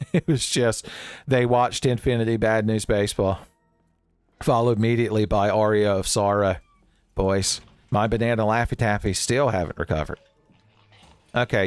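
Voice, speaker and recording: Man hosting a let's play; quick jokes, sudden high yelps, clean dry mic. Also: smooth, dry recording. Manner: jokey, swings into high excited yelps. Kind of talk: playful gameplay commentary.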